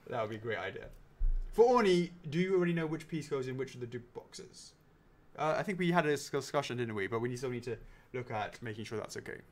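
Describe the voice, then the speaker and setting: A man's voice: mid-range voice, animated, fast. A man hosting a casual question and answer chat, rambling and joking as he reads out questions. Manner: rambling, jokey, laughs often. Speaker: host.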